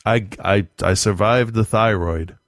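A man chatting casually, swearing freely and telling stories with dark humor and frequent laughter. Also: fairly low pitch, a little slow, no echo, clean studio sound. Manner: profane, darkly joking, laughs often. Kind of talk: casual chat.

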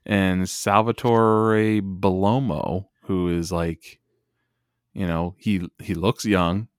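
Male podcast co-host, low voice, dry close sound, eager rambling chat. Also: steady tone, takes it slowly, no room sound. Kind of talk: casual chat.

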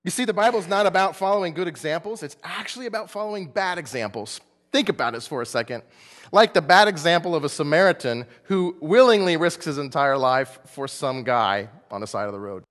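Animated male preacher in an echoing hall. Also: on the high side, fairly quick. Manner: conversational preaching with laughs and repetitions. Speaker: pastor. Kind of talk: sermon.

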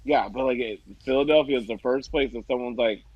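A man from Ohio co-hosting a casual chat, animated and quick to laugh, with mock-indignant asides. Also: medium pitch, slightly rough, no echo, dull audio. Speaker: podcast co-host.

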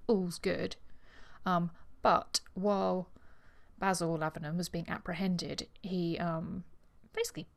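A woman's voice: fairly low pitch, little pitch movement, a little slow, creaky. A woman co-hosting a book podcast, chatty and laughing often between summaries and readings. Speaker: podcast co-host. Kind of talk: casual book-club chat and reading aloud.

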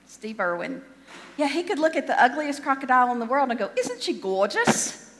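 A woman's voice: high-pitched, lively intonation, fast talker, a bit bright, long reverb tail, a little hiss or hum. A woman pastor giving a sermon in a conversational, self-deprecating way, often restarting her sentences.

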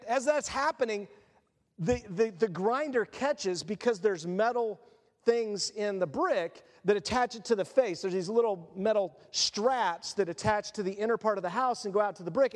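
A middle-aged man preaching a sermon as pastor, telling stories in an animated, self-mocking way. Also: high voice. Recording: long reverb.

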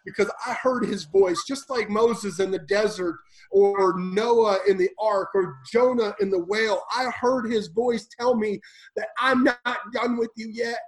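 A man on a podcast telling his life story intensely, swinging between loud and hushed, like a preacher. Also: sits high, a little slow, slight background noise, poor audio. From Illinois. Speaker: podcast guest. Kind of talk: emotional personal storytelling.

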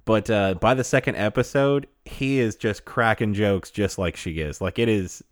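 A man co-hosting a casual chat show, animated and laughing often, often trailing off as he searches for words. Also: on the low side, normal speed, no room sound, clean studio sound. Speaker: podcast co-host.

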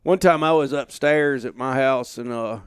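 A man's voice: medium pitch, moderate pace, clear, resonant tone, no echo, studio quality. A man, an outdoor journalist and podcast guest, talking in an easygoing storytelling way in his home office. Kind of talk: casual conversation.

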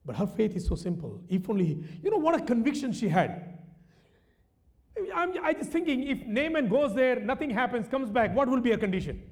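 A male pastor preaching a sermon in a church. He is animated, often throws questions to the congregation and at times drops into quiet, personal storytelling. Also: extremely high pitch, fairly quick.

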